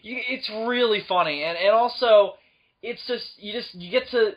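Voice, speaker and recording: A young man co-hosting a podcast in casual chat, animated, laughing often and acting out quoted lines. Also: high voice, moderate pace. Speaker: podcast co-host. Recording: dull lo-fi podcast audio.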